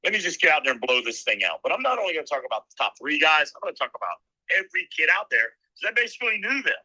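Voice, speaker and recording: A man's voice: on the high side, sing-song, racing, sharp tone, rough recording. A middle-aged man who works as a race announcer, telling rambling anecdotes in a casual interview and acting out the lines he quotes.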